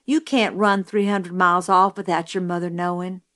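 A woman's voice: on the low side, little pitch movement, moderate pace, a bit bright, natural voice. A woman voicing a serious, firm older boy in an audiobook. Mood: earnest. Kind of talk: audiobook character reading.

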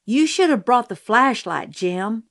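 A woman voicing a spirited young tomboy girl with blunt, quick questions in a storybook reading. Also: fairly high pitch, expressive, a bit bright. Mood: eager.

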